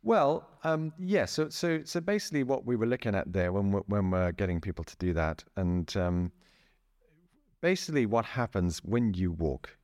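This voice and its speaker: A middle-aged man speaking as a therapist guest in a relaxed interview, chatty, laughing often and restarting his sentences. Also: on the low side, moderate pace, no room sound, studio quality. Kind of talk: casual interview talk.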